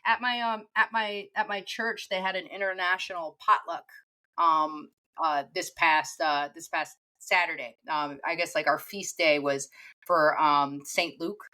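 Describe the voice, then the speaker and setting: A woman's voice: fairly low pitch, measured pace. A woman with a mixed East Coast American accent, chatting casually as a podcast co-host and rambling with frequent laughs. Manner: rambling, animated, laughs often. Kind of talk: casual chat.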